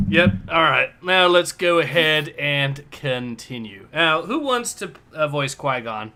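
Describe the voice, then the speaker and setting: A man's voice: on the high side, lively intonation, unhurried, hardly any pauses, sharp tone. A man hosting a casual livestream, upbeat, reading chat aloud and laughing often. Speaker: livestream host.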